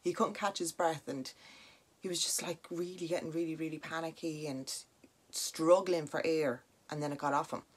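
Low-voiced Irish woman telling a ghost story. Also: moderate pace. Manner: chatty, animated, with many "like" and "now" asides. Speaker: podcast host. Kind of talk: casual spoken storytelling.

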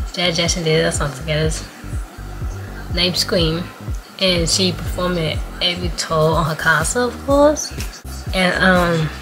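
A young woman, chatting excitedly to her viewers and telling a story in a casual vlog. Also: on the low side. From Atlanta, USA. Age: 20s. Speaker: vlogger.

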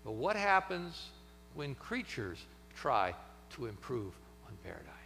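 A man preaching a sermon in a church, dramatic, swinging from loud emphasis to near-whispers. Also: mid-range voice, sing-song, measured pace, vocal fry, big-room sound, soft background music. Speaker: pastor. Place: church sanctuary.

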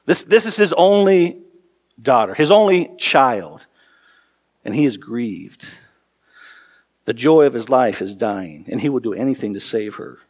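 A man in his forties, a pastor preaching a sermon, earnest and repeating words for emphasis, dropping soft and low in tender passages. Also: expressive, a little slow, long pauses.

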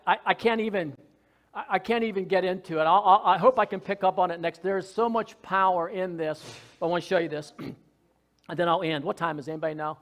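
Fervent high-voiced male preacher. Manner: fervent preaching, swinging from soft asides to loud shouted lines; folksy, joking. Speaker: pastor. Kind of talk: sermon.

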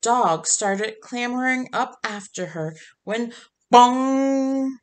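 A woman reading a children's picture book aloud in a gentle, expressive storytelling manner. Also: on the high side, drawn-out words. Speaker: storybook reader.

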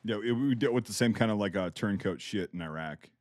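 A man's voice: fairly low pitch, a little fast, a little mellow, no room sound, studio quality. A man hosting a podcast, chatting loosely and profanely and asking follow-up questions. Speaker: podcast host. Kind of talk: casual chat.

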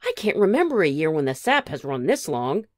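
A woman's voice: low-pitched, very animated, fairly quick, no room sound, clean studio sound. A woman voicing an old male grandfather groundhog who muses contentedly at the breakfast table. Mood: content.

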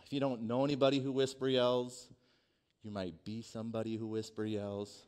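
A man in his forties preaching in a church, telling a personal story with humor and swinging from hushed, quiet passages to loud, energetic ones. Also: medium pitch, moderate pace, smooth. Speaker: pastor.

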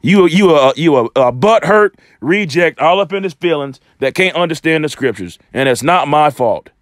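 A man's voice: a little high, lively intonation, moderate pace, no room sound, studio quality. A man ranting to camera in a preachy, scornful way, quoting scripture and rambling with restarts. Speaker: religious commentator. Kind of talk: off-the-cuff rant to camera.

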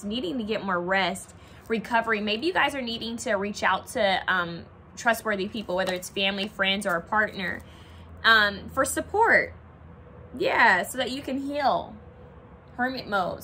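A woman's voice: fairly high pitch, pushed and bright, slight background noise. A young woman giving a casual pick-a-card tarot reading, chatting and thinking aloud as she pulls cards.

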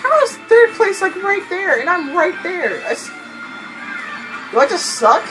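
A man hosting a casual co-op gameplay commentary, excitable and swearing a lot, yelping and laughing at mishaps. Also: very high voice, a little slow, poor audio. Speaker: gaming channel host. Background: loud game music.

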